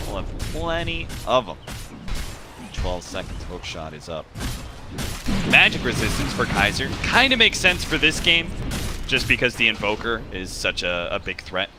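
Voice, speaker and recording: A man casting a video game match play-by-play, getting loud and excited at the big fights. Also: mid-range voice, moderate pace, over music. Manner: excited shouting at big plays. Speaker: esports caster. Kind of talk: play-by-play commentary.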